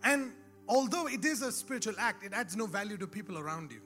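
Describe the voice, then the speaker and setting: A man's voice: high voice, lively intonation, fast talker, sharp tone, soft background music. A man preaching a sermon in a church, in a conversational way with laughing asides, rising to emphatic exhortation. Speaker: pastor.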